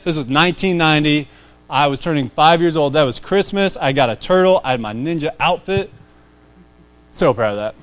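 A man's voice: fairly high pitch, fairly quick. Guy around thirty doing a laid back youth sermon, jokey, keeps wandering off topic and apologizing. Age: 30s. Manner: chatty, self-deprecating, easily sidetracked; asks the room questions. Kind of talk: casual sermon to a youth group.

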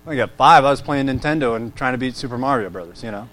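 A man's voice: mid-range voice, fast, fairly bright tone. A man around thirty giving a casual, chatty sermon to a youth group, easily sidetracked and self-deprecating, often asking the room questions. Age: 30s.

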